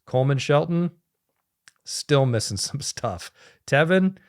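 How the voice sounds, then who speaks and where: A man co-hosting a football talk, chatting conversationally about line play with quick asides. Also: medium pitch, lively intonation. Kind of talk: casual sports analysis chat.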